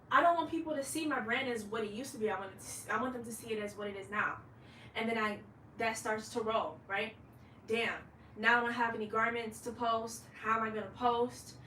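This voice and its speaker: A woman's voice: on the high side, pushed and bright, echoey room, distant mic, slight background noise, poor audio. A woman in her late twenties, a fashion designer, talking candidly in a rambling vlog monologue and swearing freely. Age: late 20s.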